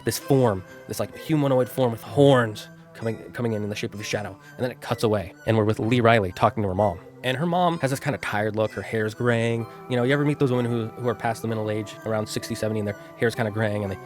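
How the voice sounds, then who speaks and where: A man giving an unscripted, rambling and animated retelling of a horror film. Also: fairly low pitch, fast, hardly any pauses, faint music behind. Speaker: streamer.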